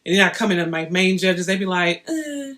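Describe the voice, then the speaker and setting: A young woman vlogging, chatting straight to her viewers in an animated, storytelling way. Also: lowish voice, fast. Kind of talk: casual storytelling to camera.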